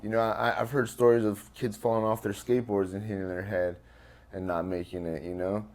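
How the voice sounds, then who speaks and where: Speaking briskly in a lowish, slightly mellow voice with a level tone, an interview guest recounts a personal story. He keeps it casual and loose, swearing freely and using many fillers.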